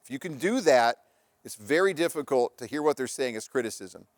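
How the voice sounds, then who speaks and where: A man's voice: medium pitch, expressive, fairly quick, dry recording. Male speaker for a relationship talk, casual and anecdotal, restarts often, dry sound. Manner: conversational, anecdotal, with frequent restarts. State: married father. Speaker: presenter on relationships and parenting. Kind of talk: live presentation talk.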